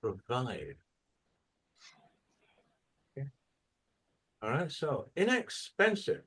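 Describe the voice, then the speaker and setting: Slow, husky male English teacher. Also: mid-range voice, wildly swooping pitch, a bit bright. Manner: questioning, drills pronunciation by modeling words. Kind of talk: classroom vocabulary lesson. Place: classroom.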